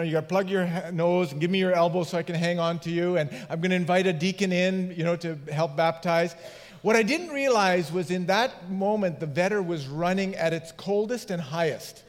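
A middle-aged man, a pastor, preaching a sermon through funny anecdotes and laughing at his own stories. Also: sits high. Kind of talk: humorous sermon storytelling. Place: church sanctuary. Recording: long hall reverb.

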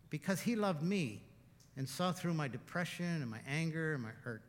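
A man preaching as a pastor. He shifts from hushed, tender passages to loud, impassioned ones, and he often laughs. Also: a little high, lively intonation, moderate pace, big-room sound. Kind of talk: sermon.

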